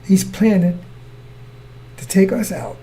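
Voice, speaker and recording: With a high, mellow voice, big pitch swings, and a slow pace, this man preaches a sermon. He goes around in circles, repeating himself, and checks that the brothers and sisters he addresses are keeping up.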